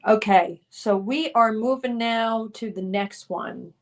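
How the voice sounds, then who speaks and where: A woman's voice: fairly high pitch, slow. A middle-aged woman hosting a livestream from home, reading viewers' chat comments aloud and running a guessing game. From Colorado. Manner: reads out chat messages and hosts a guessing game. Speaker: livestream host.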